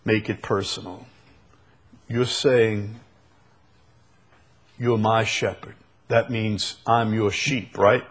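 Slow, husky-voiced male preacher. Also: fairly low pitch, steady tone. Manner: slow, emphatic preaching with repeated phrases. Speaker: pastor. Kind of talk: sermon.

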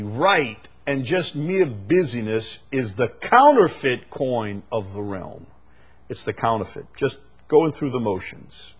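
A man preaching a sermon, moving from quiet, conversational explanation to loud, emphatic, repeated declarations. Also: on the low side. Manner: swings from quiet explaining to shouted emphatic climaxes.

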